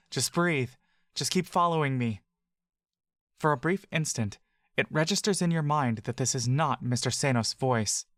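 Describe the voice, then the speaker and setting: A man's voice: medium pitch, no echo. Man narrating a fantasy story, dry close sound.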